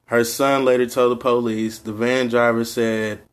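A man, co-hosting a casual podcast, reading a news story aloud in a laid-back, low-key way. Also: level tone, measured pace, clear, resonant tone. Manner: laid-back, low-key delivery, calls himself high all the time. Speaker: podcast co-host.

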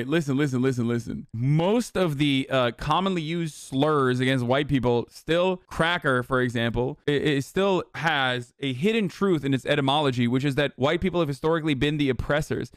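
A man's voice: mid-range voice, normal speed, smooth, no echo, studio quality. A man reacting to video clips as a streamer, ranting and mocking with a lot of cursing. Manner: mocking, rants loudly with frequent cursing. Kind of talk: profane reaction commentary.

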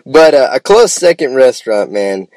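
A man from Idaho talks freely in a relaxed solo podcast, drifting from point to point with eager enthusiasm. His voice sits in a middle register, and the sound is dry and close with no room echo. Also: medium pitch. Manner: rambling and enthusiastic, peppered with "man" and "bro". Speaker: podcast host. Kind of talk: casual solo podcast chat.

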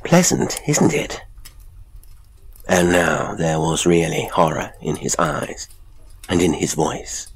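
A man reading a classic horror story as narrator, in a slow, measured, ominous storytelling manner. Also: very deep voice, level tone, creaky, breathy edge.

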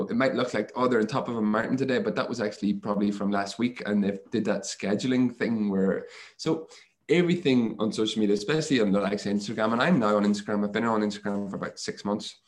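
A man talking as a guest on a podcast, a mindset coach who tells stories and acts out his own inner thoughts in lively quoted lines. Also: fairly low pitch. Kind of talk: casual podcast conversation.

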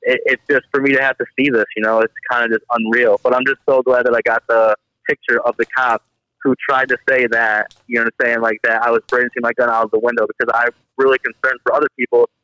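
A young man from the Detroit area, a guest on a casual podcast, telling animated stories packed with filler words. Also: mid-range voice, fast talker, smooth, no echo. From Detroit area, Michigan. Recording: dull, slightly lo-fi dry audio.

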